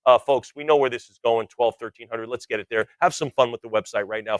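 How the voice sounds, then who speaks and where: Auctioneer, man in his 60s, rapid bid chant with playful banter, mid-range voice, dry close mic. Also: mid-range voice, no room sound. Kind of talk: live auction calling.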